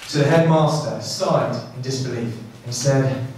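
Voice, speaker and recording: A man giving a best man's wedding speech, delivering dry jokes and pausing for laughter. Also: mid-range voice, a little mellow, slight background noise. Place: wedding reception hall. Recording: echoey hall from far off, crowd laughing. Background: guests laughing.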